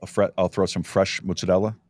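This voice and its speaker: A middle-aged man hosting a podcast, chatting casually and telling stories with lots of halting restarts. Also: low-pitched, level tone, darkish tone, dry recording, clean studio sound. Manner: rambling, halting storyteller with many restarts. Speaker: podcast host. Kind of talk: casual chat. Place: podcast studio.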